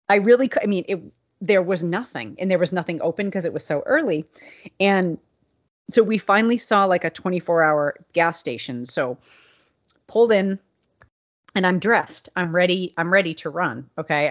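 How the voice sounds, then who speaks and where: A woman with a fairly low voice co-hosts a podcast, telling a story in an animated, casual chat and acting out quotes. The recording sounds dull and lo-fi.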